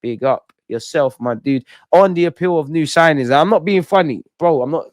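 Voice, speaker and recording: A young man hosting a casual football fan commentary show, talking in a blunt, excitable way full of slang. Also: on the high side, moderate pace, no room sound, clean studio sound. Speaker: football channel host.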